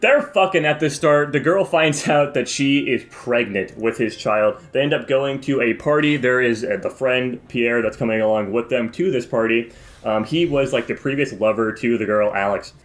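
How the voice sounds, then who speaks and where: A man's voice: mid-range voice, moderate pace. A man co-hosting a podcast, summing up a movie in a rambling, profane way and tripping over his words. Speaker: podcast co-host. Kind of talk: casual movie review chat.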